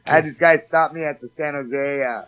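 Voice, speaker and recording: Male guest, salty and rambling raconteur; slightly high voice on dull, low-fi audio. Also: fairly even intonation, normal speed, a bit bright. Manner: profane, rambling storyteller. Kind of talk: casual chat.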